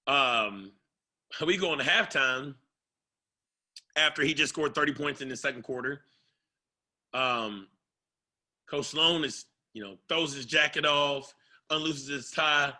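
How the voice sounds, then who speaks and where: A man, a former basketball player, telling a story in a casual interview, animated and playful. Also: mid-range voice, a little slow, pauses often. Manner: animated, playful, acts out what others said.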